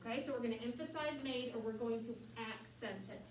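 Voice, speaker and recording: High-voiced choir teacher, echoey and distant. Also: female voice. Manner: instructive, chants lyrics slowly. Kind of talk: classroom music lesson. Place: classroom. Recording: echoey classroom from far off, noisy.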